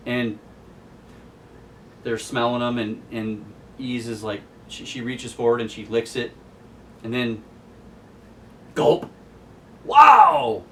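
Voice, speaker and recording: A man hosting a casual comic book recap, telling the story in a chatty, amused way. His voice is of middle pitch and sits a little back from the mic. Faint noise hangs under the recording. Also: flat delivery, unhurried, long pauses, far from the mic. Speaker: host.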